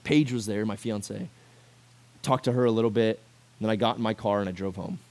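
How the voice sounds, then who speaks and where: A man in his twenties giving a sermon to a youth group, talking in a casual and animated way and acting out quotes. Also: on the low side, brisk. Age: 20s. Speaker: youth pastor.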